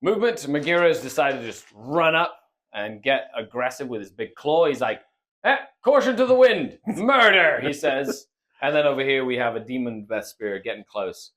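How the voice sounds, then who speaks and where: A man hosting a tabletop wargame battle report, narrating each turn in an animated way with frequent laughter and playful exclamations. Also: mid-range voice, normal speed. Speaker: host and player.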